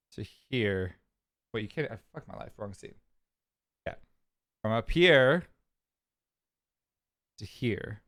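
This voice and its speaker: A man's voice: on the low side, fairly bright tone, no echo, clean studio sound. A man from California streaming, telling a story in a casual, rambling, chatty way. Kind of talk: casual chat.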